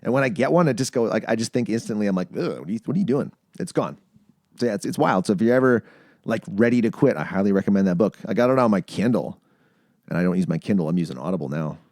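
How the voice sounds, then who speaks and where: A man hosting a casual podcast, telling stories with lively, acted-out quotes. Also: on the low side, fast talker, no room sound, studio quality. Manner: animated storyteller, acts out quoted voices. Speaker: podcast host.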